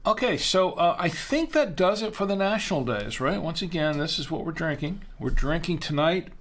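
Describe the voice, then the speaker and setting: A man's voice: a little high, expressive, normal speed, a bit bright. A man hosting a casual wine-tasting livestream, rambling with fillers and restarts as he reads out viewer chat.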